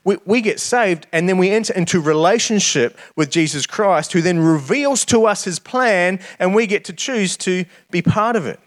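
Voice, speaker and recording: A man's voice: high voice, moderate pace, few pauses. A man preaching a sermon in an earnest way, often repeating words as he starts his phrases.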